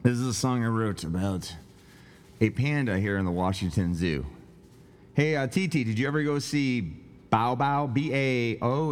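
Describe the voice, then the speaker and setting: A man's voice: mid-range voice, normal speed, smooth. A man hosting a podcast in a casual, rambling, jokey way, talking from home. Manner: rambling, jokey, self-interrupting. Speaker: podcast host. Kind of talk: casual comedic chat. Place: home, indoors.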